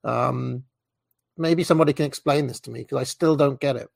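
A man's voice: medium pitch, fairly quick, gravelly, no room sound, studio quality. A man commenting casually on a documentary, puzzled and hesitant, restarting his sentences often. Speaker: reaction video commentator.

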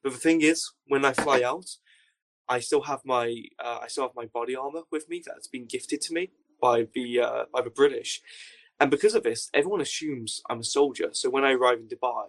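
A young man telling a story as a podcast guest, with dry, deadpan understatement. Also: mid-range voice, fairly quick, slight background noise. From Wales. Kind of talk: casual storytelling anecdote.

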